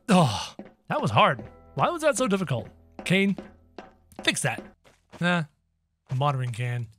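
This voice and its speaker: Excitable high-voiced man commentating a game. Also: moderate pace, pauses often, slightly rough, faint music behind. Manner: excitable, exaggerated reactions. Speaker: gaming channel host.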